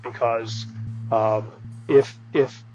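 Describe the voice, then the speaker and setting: A man's voice: mid-range voice, fairly even intonation, drawn-out words, darkish tone, highs cut off, slight background noise. A man who teaches martial arts, a guest on an interview podcast, speaking in a friendly, hesitant way with frequent restarts. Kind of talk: conversational interview.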